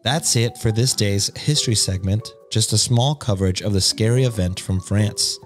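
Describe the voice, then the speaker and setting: A man's voice: fairly low pitch, normal speed, soft background music. Easygoing man co-hosting a podcast. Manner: easygoing, joking, trailing fillers. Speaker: podcast co-host. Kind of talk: casual podcast banter.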